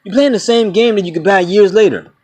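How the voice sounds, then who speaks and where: His voice is high-pitched, brisk, and a little mellow: a vlogger in his twenties ranting bluntly to his viewers, cursing freely and calling them "y'all" and "man."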